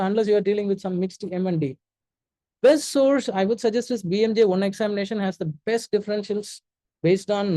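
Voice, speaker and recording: A man's voice: high voice, warm tone, dry recording. A man giving a spoken lecture as a medical exam tutor, emphatic and direct, often checking in with his listeners and repeating key warnings. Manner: emphatic, direct, checks in with "okay?" and "all right?".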